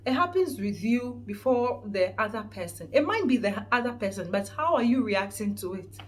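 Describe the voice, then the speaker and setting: A woman's voice: medium pitch, sing-song, moderate pace. A woman with a Ghanaian accent giving an earnest, preachy motivational vlog talk, stressing points and often restarting words. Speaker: vlogger host.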